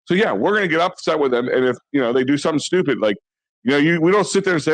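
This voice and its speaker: A man's voice: fairly high pitch, rapid-fire, no room sound, poor audio. Rambling Philly man, dry mic. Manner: excitable, rambling, many restarts. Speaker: podcast co-host. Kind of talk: casual sports chat.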